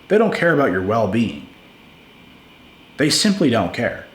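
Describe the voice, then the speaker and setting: A man's voice: medium pitch, sing-song, a little slow, echoey room. A man giving blunt, emphatic relationship advice in a casual monologue to his viewers. He repeats words for stress and calls listeners "bro".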